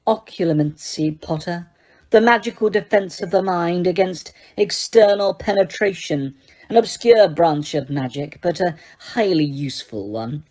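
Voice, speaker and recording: A woman narrates an audiobook in a low-sitting, expressive voice, portraying a cold, sneering male teacher. She makes him slow, quiet and silkily waspish.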